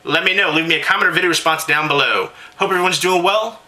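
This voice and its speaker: A man's voice: on the high side, fast talker, bright, forceful tone. A man ranting casually to his viewers in an emphatic, conversational vlog. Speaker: vlogger. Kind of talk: casual opinion rant to camera.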